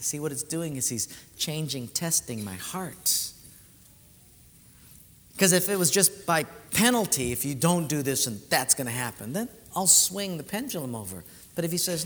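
A male pastor delivers a sermon in a church hall, his voice sitting a little high for a man. He tells stories animatedly, rising to loud bursts and dropping to quiet, intimate lines. A long reverb trails his words through the room. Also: moderate pace, a little hiss or hum. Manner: animated storytelling, swinging between loud and hushed.

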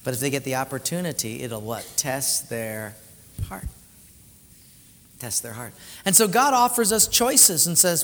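Man, pastor, sermon, fairly high voice, animated storytelling, loud then hushed, long hall reverb. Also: normal speed.

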